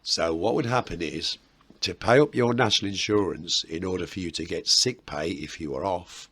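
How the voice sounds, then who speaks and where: Man, Birmingham accent, deep voice, husky, chatty history host, rambling asides. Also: normal speed, a bit bright. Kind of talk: casual history explainer to camera.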